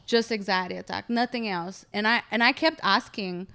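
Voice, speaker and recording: Animated woman telling a wild story. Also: medium pitch, moderate pace, clear, resonant tone. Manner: animated, acts out quotes. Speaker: comedian guest. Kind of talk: casual storytelling chat.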